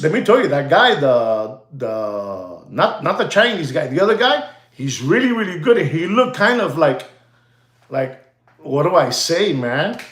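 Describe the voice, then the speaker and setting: High, lively man. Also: roomy sound. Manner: rambling, repetitive, laughs often. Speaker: watch dealer hosting a livestream. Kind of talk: casual livestream chat with viewers.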